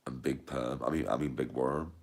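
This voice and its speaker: A man's voice: very deep voice, moderate pace, creaky. A man with a Birmingham accent, rambling crudely and laughing often as he chats. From Birmingham, England. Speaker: streamer.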